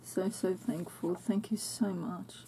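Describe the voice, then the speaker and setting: Slow, soft-spoken gushing woman. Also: fairly low pitch, fairly even intonation, a little hiss or hum. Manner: gushing, soft exclamations and frequent whispers. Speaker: crafting channel host. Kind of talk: unboxing a craft swap package.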